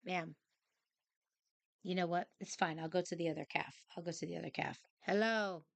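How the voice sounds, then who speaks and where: A woman's voice: on the low side, steady tone, moderate pace, creaky, no room sound. A woman voicing a demanding sixteen-year-old female cat who pesters for treats in a bossy, impatient way.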